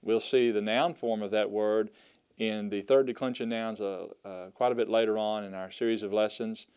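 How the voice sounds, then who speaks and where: A man teaching a recorded Greek lesson, speaking slowly and deliberately and repeating each word and meaning for his students. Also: on the low side, fairly even intonation, a little mellow, clear, resonant tone. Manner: slow, deliberate, repeats words for emphasis.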